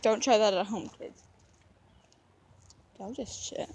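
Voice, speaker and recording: A woman's voice: sits high, lively intonation, slow, pauses often. A young woman rambling in a goofy, mock-dramatic way while filming her dog outdoors. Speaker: vlogger. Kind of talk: casual rambling vlog commentary.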